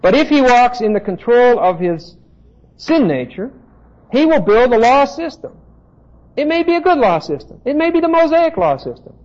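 On a dull lo-fi tape, a male preacher delivers a Bible sermon with insistence and emphasis, addressing listeners in asides. He sounds very high-pitched and sing-song, a little mellow, at a normal speed.

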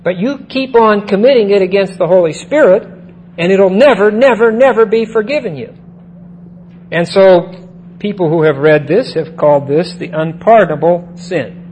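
A man's voice: sits high, moderate pace, a little mellow, slight background noise, low-quality recording. A man teaching a Bible lesson in a sermon style, who often repeats key phrases and checks in with his listeners.

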